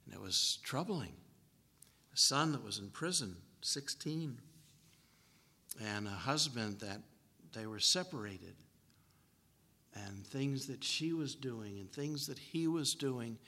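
Man, preacher, folksy storytelling sermon, bright voice, long hall reverb. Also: medium pitch, expressive, takes it slowly, pauses often.

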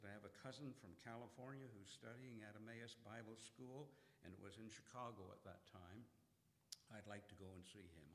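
A man's voice: lowish voice, vocal fry, fairly bright tone, in a large hall, a little hiss or hum. An older man telling an earnest personal testimony, acting out the dialogue he recalls. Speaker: speaker giving a personal testimony.

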